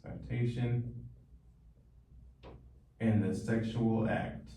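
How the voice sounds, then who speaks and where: Male wellness coach, emphatic teaching monologue, mellow tone, heard from a distance. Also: on the low side, steady tone. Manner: repeats phrases slowly for emphasis. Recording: roomy echo, voice from far off.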